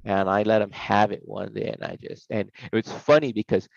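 A man telling stories as a podcast guest, in a casual, animated way, acting out quoted voices. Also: lowish voice, fairly quick, vocal fry, dry recording. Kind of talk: casual storytelling. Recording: dull, dry podcast audio.

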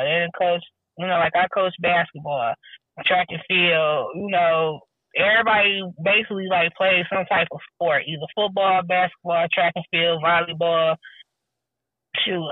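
A woman telling stories in a casual chat, animated and acting out what people said. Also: medium pitch, dry recording. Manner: animated storytelling, acting out quotes. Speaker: podcast guest. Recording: tinny phone line, dry.

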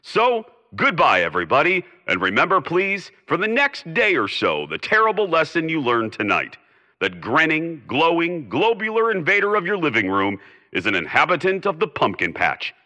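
A man's voice: a little high, huge pitch swings, moderate pace, sharp tone, big-room sound. Theatrical man with sweeping delivery. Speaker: radio theater host. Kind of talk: theatrical radio sign-off.

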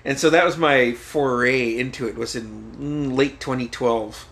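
A man's voice: mid-range voice, steady tone, normal speed, vocal fry, a bit bright. A man guest on a podcast, telling stories casually, swearing freely and laughing often. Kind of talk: casual storytelling.

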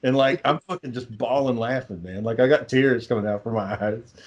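A man's voice: medium pitch, fairly quick. A man telling rambling, profane stories in casual chat, laughing as he goes.

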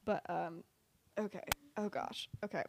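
A woman's voice: lowish voice, unhurried, gravelly, background noise. A young woman hosting a podcast, casually retelling a story in a rambling, giggly way full of "like"s and restarts. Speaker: podcast host.

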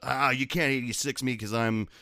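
A man's voice: mid-range voice, steady tone, normal speed, bright, forceful tone, no room sound. Self-important male bar customer, pushy and boastful, as a storyteller puts him on; close, dry sound.

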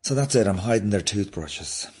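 A man, hosting a comedy podcast and ranting in an exasperated, animated way. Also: fairly low pitch, normal speed, husky. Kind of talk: comic rant.

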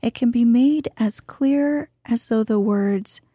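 Female reader for bedtime readings: slow, mellow tone, soft and gentle delivery. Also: a little high, breathy edge, dry recording, clean studio sound. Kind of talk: calm bedtime reading of an old book.

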